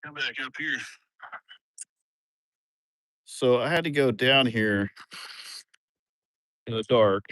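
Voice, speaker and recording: A man, rambling casually on a livestream from a farm, with bursts of loud excitement. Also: mid-range voice, takes it slowly, long pauses, dry recording, clean studio sound. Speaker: livestream host.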